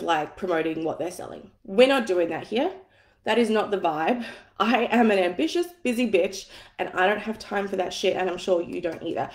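A woman in her thirties, tired and a bit husky from an early start, hosting a live money masterclass from home on her phone in a chatty, self-deprecating way with plenty of swearing. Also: medium pitch, reverberant. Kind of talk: casual livestream teaching. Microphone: phone on a tripod.

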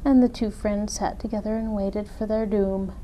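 A woman reading a children's picture book aloud with expressive delivery. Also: mid-range voice, moderate pace, low-quality recording. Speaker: story reader. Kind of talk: children's storytime read-aloud.

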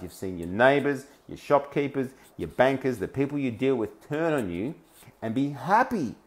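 Animated, mocking Australian man ranting. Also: lowish voice. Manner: animated, mocking, often laughing between phrases; emphatic lists of single words. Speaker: online commentator. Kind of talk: ranting commentary over news clips.

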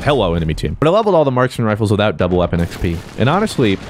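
A man giving jokey, excitable commentary while playing a shooter game, dropping to low mutters and then breaking into shouted cheers. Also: rapid-fire, few pauses, slight background noise. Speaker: gaming YouTuber. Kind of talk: live gameplay commentary. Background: faint gunfire from the game.

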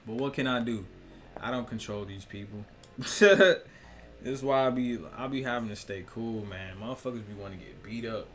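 A man's voice: mid-range voice, normal speed, fairly bright tone, soft background music. A young man, a musician, rambling in a casual monologue, full of cursing, slang and laughter. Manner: profane, laughing, slangy storytelling.

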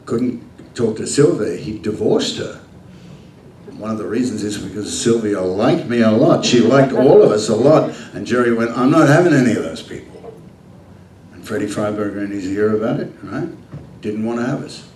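An older man answering fan questions at a convention, telling lively anecdotes and acting out the dialogue, laughing often. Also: lowish voice, moderate pace. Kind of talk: convention Q&A storytelling. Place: large convention hall. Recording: echoey hall, heard from far off, faint hum.

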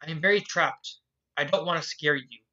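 A reader voicing a shy, bookish young woman who talks hesitantly and haltingly, in a fan fiction read aloud. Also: mid-range voice, bright, forceful tone, lightly acted. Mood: hurting. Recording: dull lo-fi recording.

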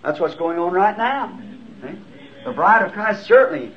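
Southern preacher, fifties, high tenor, earnest folksy delivery, dull old tape. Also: male voice, lively intonation, moderate pace, a little hiss or hum. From United States. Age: 50s. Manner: earnest, folksy, self-deprecating. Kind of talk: sermon answering written questions. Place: church sanctuary. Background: congregation answering amen.

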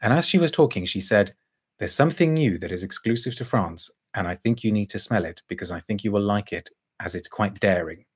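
Male perfume reviewer, thoughtful musing delivery, slightly low and husky. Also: lively intonation, brisk. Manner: thoughtful, musing, reads out viewer comments. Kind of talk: casual live review chat.

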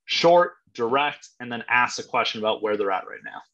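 Guy coaching agents, blunt and punchy, swears a lot, bright sharp voice. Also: mid-range voice, animated, moderate pace, dull audio. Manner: blunt, emphatic, curses freely. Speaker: guest real estate coach. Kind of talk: live coaching talk.

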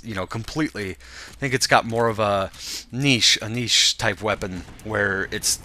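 Young male gaming host, congested, low and bright-edged, loose walkthrough patter. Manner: relaxed, thinking aloud with fillers. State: stuffed up, congested. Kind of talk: casual gameplay walkthrough commentary.

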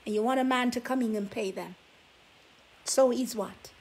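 A woman's voice: on the high side, moderate pace, a little mellow, husky. A woman vlogger giving relationship advice, scolding her listeners with sassy rhetorical questions. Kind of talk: preachy talk to camera.

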